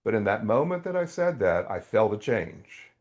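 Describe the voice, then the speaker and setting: An older man, a podcast guest, telling a faith testimony as an animated storyteller whose voice leaps up when excited. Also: on the low side, moderate pace, muffled recording.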